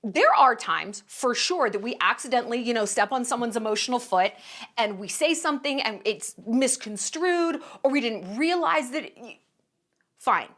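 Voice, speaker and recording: A woman's voice: fairly high pitch, expressive, normal speed, fairly bright tone. A woman giving casual opinion commentary in a blunt, profane and emphatic way, sarcastic and indignant. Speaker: commentary vlogger.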